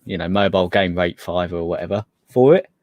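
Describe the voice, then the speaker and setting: A man's voice: low-pitched, a little fast, dry recording, muffled recording. A man co-hosting a gaming podcast, hesitant, often trailing off and restarting. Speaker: podcast co-host. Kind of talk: casual chat.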